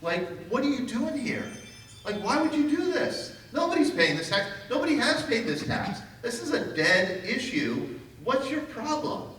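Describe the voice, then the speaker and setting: An indignant frontier farmer, fed up and cussing, his voice pushed up high and strained, as a lecturer puts him on. He sounds roomy and far from the mic, with a faint hiss behind him. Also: sing-song, a little slow, full character voice. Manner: indignant, shouting back. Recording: echoey hall from far off.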